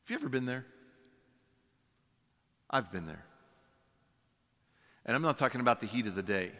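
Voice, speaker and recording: A man's voice: medium pitch, animated, normal speed, pushed and bright. A man preaching a sermon as pastor, emphatic, with many rhetorical questions and repeated words. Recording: long hall reverb.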